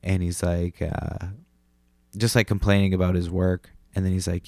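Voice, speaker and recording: A man's voice: low voice, flat delivery, normal speed, warm tone, dry recording. A young adult man hosting a solo podcast, rambling casually with lots of profanity, fillers and restarts. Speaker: podcast host.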